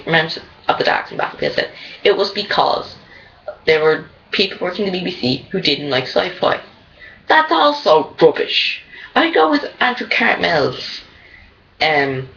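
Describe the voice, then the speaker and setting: A woman's voice: medium pitch, a little hiss or hum. Ranting woman, lo-fi recording. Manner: ranting, animated, digressive. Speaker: fan commentator. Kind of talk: opinionated casual monologue. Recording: dull lo-fi recording.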